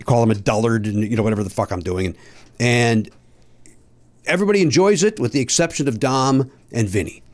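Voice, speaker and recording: Guy on a podcast telling a story, swears a lot, does everyone's lines, mid-pitched voice. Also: fairly quick. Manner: animated, profane, acts out other people's lines. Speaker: podcast guest, comedian. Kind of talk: casual storytelling.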